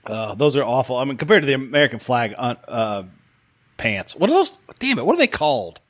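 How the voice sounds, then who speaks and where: A man's voice: mid-range voice, big pitch swings, a little fast, a bit bright. A man guesting on a podcast, trading wisecracks in casual chat.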